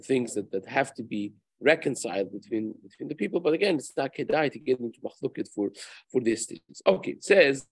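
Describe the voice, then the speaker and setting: A rabbi's voice with a gravelly, somewhat husky grain, recorded dry and close. He teaches a daily Torah class in an easygoing, conversational way, telling stories along the way. His pitch stays in a middle range for a man. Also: expressive, brisk, no room sound, low-quality recording. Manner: conversational, tells anecdotes, mixes Hebrew and Yiddish terms. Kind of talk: casual Torah lesson with storytelling.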